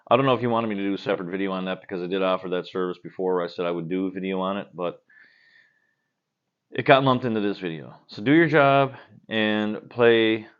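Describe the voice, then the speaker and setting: A man's voice: low voice, lo-fi sound. A man who plays guitar in a cover band, talking bluntly and with plenty of swearing while he drinks beer at home. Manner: blunt and profane, talks in a loose rambling way. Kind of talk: casual vlog answering viewer questions. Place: at home, indoors.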